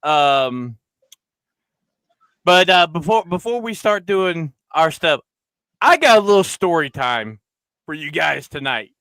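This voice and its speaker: Loud, crude storyteller man, bright voice. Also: a little high, very animated, takes it slowly, long pauses, smooth, no room sound. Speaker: podcast host. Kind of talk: casual storytelling chat.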